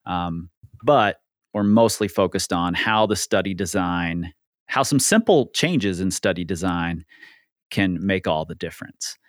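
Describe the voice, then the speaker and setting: A man's voice: sits low, measured pace, dry recording, studio quality. A man hosting a podcast, explaining things earnestly with frequent ums and easy laughs. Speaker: podcast host. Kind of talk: casual podcast discussion.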